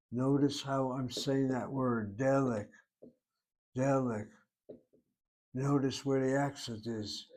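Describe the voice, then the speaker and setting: A man teaching a language lesson, patiently explaining and repeating words slowly so learners catch the pronunciation. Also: mid-range voice, a little mellow. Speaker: Hebrew teacher.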